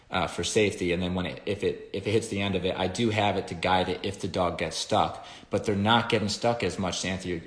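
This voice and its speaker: A man with a fairly low voice walks through his dog training method in a loose, conversational way. He acts out the commands he gives the dogs with sharp, raised calls and swears now and then. The sound carries a noticeable room echo. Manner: swears casually. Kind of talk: casual explanation of training method.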